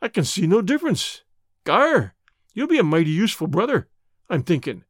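A man's voice: high-pitched, sing-song, normal speed, no room sound, clean studio sound. A man reading an audiobook, voicing a domineering, menacing middle-aged gang boss who interrogates and blusters. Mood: blustering.

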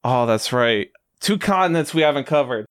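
A man's voice: medium pitch, expressive, moderate pace, fairly bright tone, clean tone. A man guesting on a podcast, talking in easygoing, self-deprecating casual chat.

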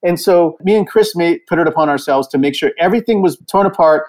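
A man's voice: a little high, fast, darkish tone. A middle-aged man, a touring musician, casually telling a profane road story and acting out the quotes. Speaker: guest musician.

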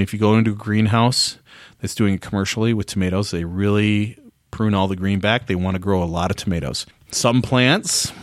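A man's voice: lowish voice, dry recording, studio quality. A man hosting a casual solo podcast, talking conversationally and asking his listeners rhetorical questions. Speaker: podcast host.

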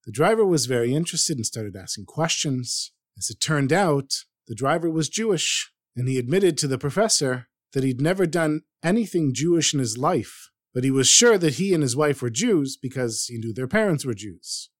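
A man's voice: medium pitch, moderate pace, few pauses, no echo. A dry-sounding male storyteller. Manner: earnest, expressive storytelling. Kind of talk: narrated story.

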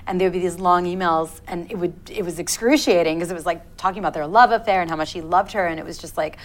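A woman in her thirties speaks as an interview guest. Her voice sits a little low, and she tells a personal story haltingly, pausing and restarting as she reflects. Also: low-quality recording.

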